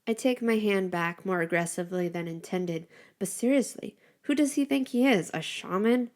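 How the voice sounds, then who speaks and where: A woman reading a first-person story aloud with an expressive, dramatic delivery. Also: lowish voice, normal speed, hardly any pauses.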